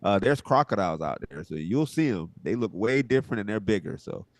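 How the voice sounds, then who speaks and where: A social media comedian from Southwest Florida, guesting on a talk show, chats casually in a relaxed, rambling way and acts out little quoted exchanges. His voice is on the low side and a little fast, with no echo.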